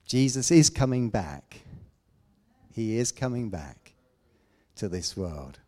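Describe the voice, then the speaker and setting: A man preaching a sermon, emphatic, with loud declamations and quiet asides. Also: on the low side, very animated, slow.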